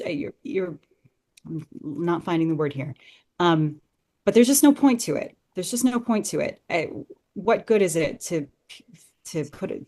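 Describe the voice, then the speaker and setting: A woman talking as a podcast guest, thinking aloud in an earnest, enthusiastic way as she analyses a text. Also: deep voice. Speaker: podcast guest discussing Shakespeare. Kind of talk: conversational analysis.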